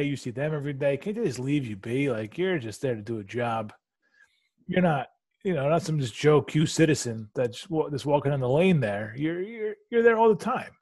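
A man co-hosts a casual podcast. He talks sarcastically and slides into profane rants. His voice is a little high for a man. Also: expressive, fairly quick, darkish tone. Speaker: podcast co-host. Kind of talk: casual chat.

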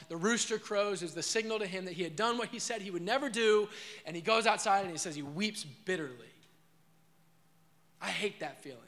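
A man's voice: sits high, a bit bright, big-room sound. A man preaching a sermon as pastor, earnest and repetitive, asking the crowd questions.

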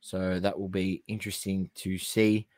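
A man's voice: low-pitched, level tone, normal speed, a little mellow, no room sound. Laid-back man, hesitant delivery. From Australia. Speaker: podcast co-host. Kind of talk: casual sports chat.

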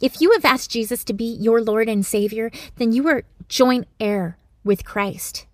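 Earnest woman giving a gentle devotional. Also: on the high side, a little slow, no echo, clean studio sound. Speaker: Christian devotional speaker. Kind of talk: devotional teaching.

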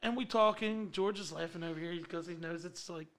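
A man's voice: high-pitched, brisk, a bit bright. A young man co-hosting a podcast, telling a prank call story animatedly and acting out the callers. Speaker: podcast co-host.

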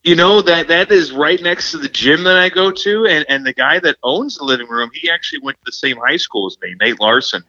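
A man's voice: fairly high pitch, expressive, a little fast, few pauses, bright, forceful tone, no room sound, highs cut off. A man guesting on a casual podcast, rambling and stumbling over repeated words as he jokes.

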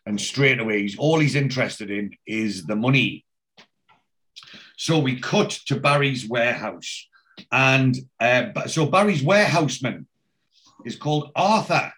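A man's voice: mid-range voice, lively intonation, unhurried, a bit bright. A man in casual chat, retelling a television episode scene by scene in a rambling way with frequent restarts and swearing.

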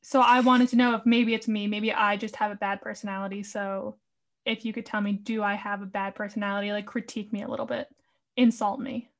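A young adult woman hosting a podcast in casual chat, talking in a monotone, rambling way with a slightly squeaky voice. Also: a little fast. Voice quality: a little squeaky. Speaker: podcast host.

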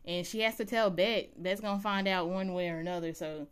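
Woman, smooth resonant voice, chatty, animated episode recap. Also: on the low side, brisk. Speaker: TV recap vlogger.

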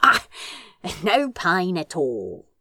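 A woman's voice: on the low side, wildly swooping pitch, very slow, bright, forceful tone, heavily acted. A woman voicing a dry, teasing masked young man who speaks in a wry, understated way. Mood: reassuring.

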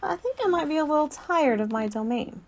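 A woman's voice: high voice, animated, a little fast, voice pushed up. Weary poetic silverback gorilla, male, wistful and musing; a woman reads him.

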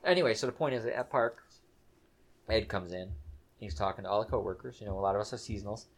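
A man's voice: on the low side, fast talker. A man from upstate New York hosting a casual gaming chat, telling stories with lots of mimicry. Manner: animated storyteller, mimics voices in anecdotes. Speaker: gaming podcast host.

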